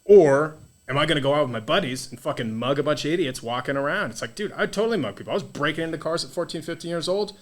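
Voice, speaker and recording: A man, a podcast guest, telling a story in a casual, animated and profane way, full of "dude" and "like". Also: on the high side, quick pace. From United States.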